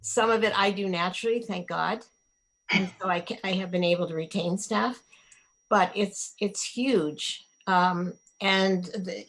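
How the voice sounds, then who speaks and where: Slow, halting older woman. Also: mid-range voice, low-quality recording. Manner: halting, grateful, with many fillers. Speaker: attendee asking a question. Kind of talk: online town hall comment.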